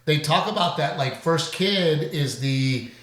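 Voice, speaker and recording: A middle-aged man hosting a podcast in casual chat, animated and quick to laugh, with the odd curse. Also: on the high side. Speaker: podcast host. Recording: roomy echo.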